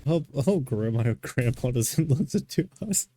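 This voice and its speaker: A man co-hosting a casual podcast, teasing and throwing in quick jokes. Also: medium pitch, lively intonation, mellow, no room sound. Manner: teasing, wisecracking interjections. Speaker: podcast co-host. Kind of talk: casual chat.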